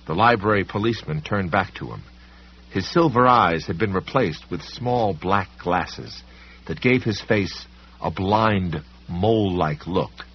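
With a low, breathy voice and a measured pace, a male audiobook narrator performs a scripted story dramatically and with variety. The recording quality is dull and lo-fi.

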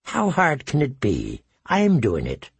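A man reading aloud who voices a small male crow that speaks in teasing riddles, raising his voice higher than his usual. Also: wildly swooping pitch, slow pace, gravelly, husky, no echo, full character voice. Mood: urgent. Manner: riddling, lightly mocking.

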